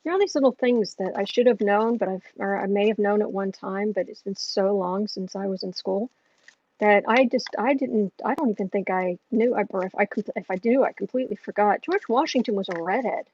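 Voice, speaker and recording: A woman's voice: mid-range voice, fairly quick, a little mellow, dull audio. A woman reading astrology and tarot on a casual home livestream, musing and thinking aloud as she goes.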